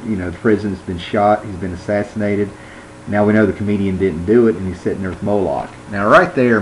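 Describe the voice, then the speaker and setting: A man's voice: on the low side, slight background noise, rough recording. A man giving a casual, rambling comic book review and retelling scenes with quoted lines.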